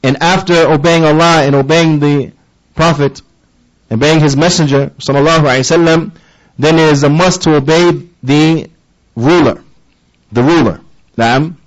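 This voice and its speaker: A man with a fairly high voice preaches an earnest lesson. He stresses his points by repeating them and checks in with his listeners through quick rhetorical questions. His speech has a flavor. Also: steady tone, poor audio. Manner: emphatic, repeats key phrases, asks listeners rhetorical questions. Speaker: religious teacher. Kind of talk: lecture-style sermon.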